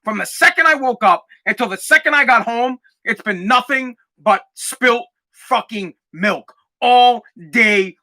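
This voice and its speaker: A man in his forties hosting a podcast in an aggravated, profane rant that bursts into shouting, his throat dusty so he keeps clearing it. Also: sits high. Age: 40s. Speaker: podcast host. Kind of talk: angry ranting monologue.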